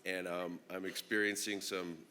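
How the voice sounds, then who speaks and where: Deep-voiced congested man speaking reflectively. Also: level tone, sharp tone. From Northern California. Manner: unhurried, reflective, with many fillers. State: congested, nose plugged up. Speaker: invited opening speaker. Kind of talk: personal address at a conference plenary.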